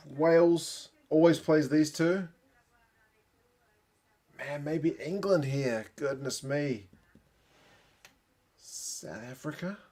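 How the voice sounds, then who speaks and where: A man's voice: fairly high pitch, extremely slow, long pauses, dark tone. A man giving live reaction commentary, thinking aloud with gasps and exclamations, tired late at night. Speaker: rugby channel host.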